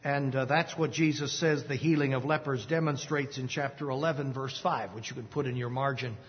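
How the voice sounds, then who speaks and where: A man preaching an expository Bible teaching, measured and explanatory, with occasional filler pauses. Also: mid-range voice, fairly even intonation. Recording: long reverb, dull lo-fi sound.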